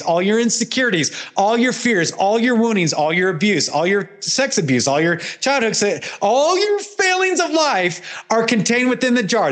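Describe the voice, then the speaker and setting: A man, a pastor hosting a guest, preaching fervently in conversation with repeated litanies. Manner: fervent, repetitive litanies, swings from loud peaks to low murmurs.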